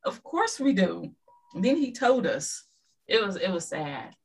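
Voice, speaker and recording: A woman's voice: medium pitch, a little slow, creaky, slightly rough, poor audio. A woman guest in a casual podcast chat, telling stories and acting out dialogue. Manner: lively storyteller who acts out dialogue.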